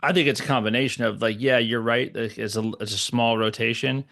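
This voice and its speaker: A man's voice: medium pitch, fairly even intonation, brisk, creaky, a bit bright. A man co-hosting a basketball recap show, talking in a loose, casual way with plenty of fillers. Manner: loose, conversational, lots of fillers. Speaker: podcast co-host. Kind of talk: casual sports recap chat.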